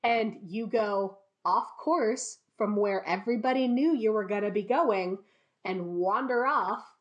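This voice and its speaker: A woman's voice: medium pitch, measured pace, highs cut off. A young adult woman hosting a podcast, telling a story in casual chat and acting out quotes. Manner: storytelling, acts out quotes in voices. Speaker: podcast host.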